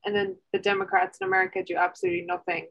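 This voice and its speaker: A woman's voice: medium pitch, big pitch swings, rapid-fire, vocal fry, a bit bright, muffled recording. An Irish woman co-hosting a podcast, chatty and casual, filling her talk with "like" and swearing offhandedly. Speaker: podcast co-host.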